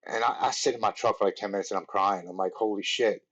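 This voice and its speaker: A man in his forties with a lowish voice shares his story as a podcast guest. He talks earnestly and in a rambling way, full of "like" and restarts. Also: steady tone, fast, a bit bright, husky, dull audio. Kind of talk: telling his recovery story.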